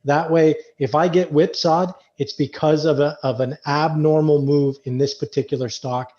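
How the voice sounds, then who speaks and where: A Canadian man talks through a trade setup in an easygoing, meandering way. His voice sits fairly high but sounds mellow and soft-edged. The sound is dull and lo-fi, like a remote call. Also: moderate pace. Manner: relaxed, loose explanations with many fillers. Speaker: trading coach guest. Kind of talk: casual trading chat. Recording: dull lo-fi audio.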